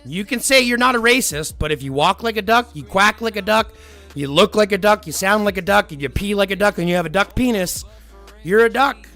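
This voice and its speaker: A man's voice: sits high, expressive, brisk, pushed and bright, faint music behind. A man live-streaming who answers viewer comments in a blunt, profane, argumentative way.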